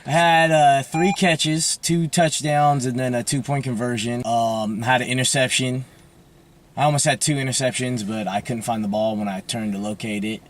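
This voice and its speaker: A man's voice: medium pitch, steady tone, normal speed, slight background noise. A man in a car chatting casually and rambling, with lots of fillers and trailing off. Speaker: football player. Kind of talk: casual chat.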